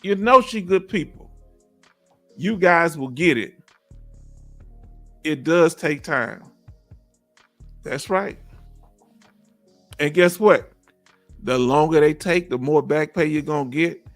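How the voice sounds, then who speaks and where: A middle-aged man from Houston, hosting a casual livestream and warmly encouraging viewers as he reads their comments. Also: fairly high pitch, lively intonation, takes it slowly, pauses often. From Houston, Texas. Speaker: livestream host. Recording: faint music behind.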